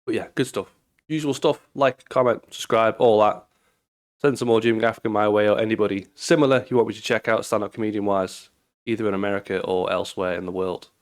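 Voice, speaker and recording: A man's voice: on the low side, fairly even intonation, brisk. British man with a blocked nose. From Britain. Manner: rambling, easygoing. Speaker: comedy reaction host. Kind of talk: casual chat.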